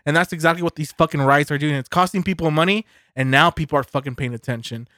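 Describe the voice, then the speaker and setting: A man's voice: a little high, quick pace, pushed and bright, dry recording, clean studio sound. A man co-hosting a podcast, venting with fury and sarcasm, swearing heavily. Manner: furious, sarcastic, heavy swearing. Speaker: podcast co-host. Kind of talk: casual podcast rant.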